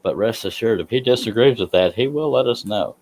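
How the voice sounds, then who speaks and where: While working a scroll saw in his workshop, a man chats casually on a live stream, relaxed and self-deprecating. His low, soothing voice moves at a fairly quick pace.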